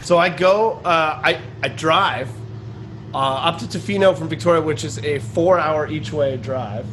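Slightly high-voiced man telling a rambling story. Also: a little slow, slight background noise. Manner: rambling, animated anecdote-telling. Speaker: stand-up comedian and podcast host. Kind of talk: casual chat storytelling.

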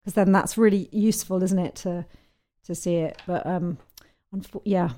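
A woman's voice: on the low side, steady tone, moderate pace, warm tone. A woman comedy writer, a podcast guest, chatting casually with trailing restarts.

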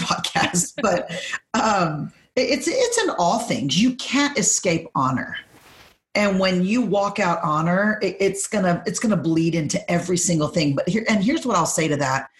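Emphatic preacherly woman, lower voice. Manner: emphatic, repeats phrases for emphasis; preacherly, speaks in declarations. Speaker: podcast guest. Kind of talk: faith-based podcast conversation.

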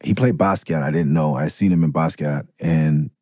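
A man's voice: a bass voice, moderate pace, darkish tone, no echo, studio quality. A man hosting a podcast, telling casual, rambling stories with plenty of swearing and side remarks. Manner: loose, profane, rambling with asides. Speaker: podcast host. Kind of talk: casual storytelling.

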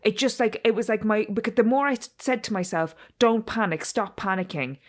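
Woman, podcast co-host, lively storyteller who does the voices, mid pitch. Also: brisk. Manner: animated storytelling, acts out voices. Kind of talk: casual chat.

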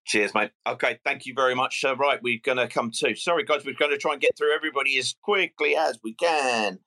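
Brief: easygoing phone-in host, measured, chatty, keeps callers moving. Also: male voice, medium pitch, pushed and bright. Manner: measured, chatty, calls people sir and mate. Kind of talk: fan phone-in presenting.

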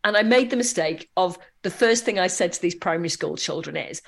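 A woman guest in a casual interview, chatting and telling anecdotes in a lively way. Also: on the low side, quick pace, vocal fry, hardly any pauses. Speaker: podcast guest.

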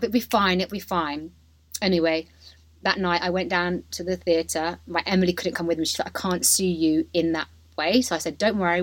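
A woman's voice: mid-range voice, dry recording. Woman, podcast host, emotional personal monologue, many fillers, dry close sound.

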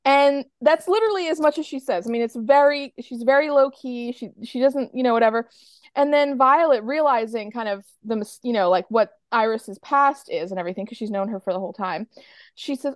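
Chatty American woman, bright pitch. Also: a little fast, dry recording, clean studio sound. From United States. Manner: chatty, retells scenes with lots of "like" and playful quoting. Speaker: podcast co-host. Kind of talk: casual chat.

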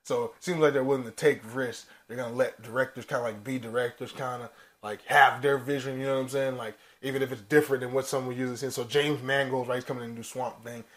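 Fast-talking guy co-hosting a podcast, gets loud and animated telling stories. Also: medium pitch. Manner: animated storyteller, swears freely. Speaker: podcast co-host. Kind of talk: casual chat.

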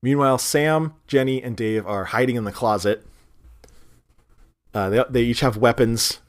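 Man animatedly recapping a movie. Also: mid-range voice. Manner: animated retelling, slipping into quick voices for characters. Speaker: podcast co-host recapping a film. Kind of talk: casual comedic chat.

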